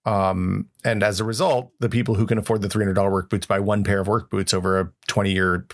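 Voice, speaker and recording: Man co-host, casual tech chat, lowish voice, thoughtful and example-driven, restarts often. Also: level tone, fast. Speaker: podcast co-host.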